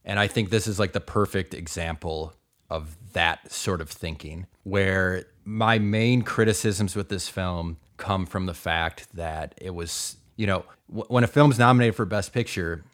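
Low-voiced man, wry podcast co-host. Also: measured pace, a bit bright. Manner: wry, joking, reads the sign-off. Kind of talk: casual podcast chat.

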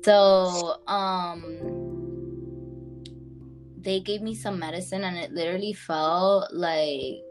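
A young woman casually telling a personal story to a friend on a podcast, animated and full of fillers, calling her listener "girl". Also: on the low side.

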